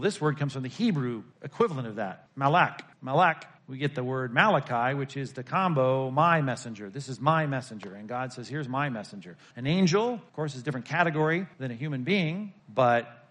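Male pastor-teacher, mid pitch, brisk classroom lecturer with wry humor. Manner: lively, rhetorical questions, wry asides to the class.

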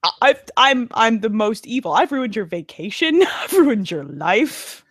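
A woman's voice: on the high side, sing-song, unhurried, a bit bright, slightly rough, no room sound. A woman co-hosting a podcast in casual chat, teasing her friend, swearing a lot and laughing through her lines. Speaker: podcast co-host.

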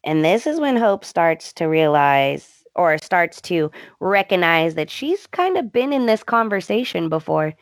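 A woman's voice: on the low side, big pitch swings, measured pace, hardly any pauses, no echo. A woman co-hosting a podcast, chatting casually about soap episodes with dry wisecracks. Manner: dry wisecracks between the recap. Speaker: podcast co-host. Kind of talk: casual chat recapping a soap opera.

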